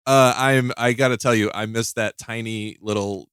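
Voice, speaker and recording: A man's voice: medium pitch, fairly even intonation, fairly bright tone, smooth, dry recording. Stammering jokey man hosting a podcast, dry sound. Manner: halting, many restarts and stammered repeats; jokey, laughs at his own stories. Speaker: podcast host. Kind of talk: casual chat.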